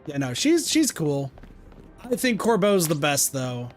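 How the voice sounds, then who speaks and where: A young man streaming a game, chatting casually with self-mocking, animated remarks. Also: fairly high pitch, measured pace, faint music behind. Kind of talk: casual gameplay commentary.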